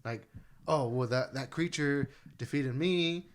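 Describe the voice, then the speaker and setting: A young man co-hosting a casual podcast, talking in an excitable rush with plenty of fillers, his voice jumping high when he gets thrilled. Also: measured pace. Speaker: podcast co-host. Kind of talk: casual chat.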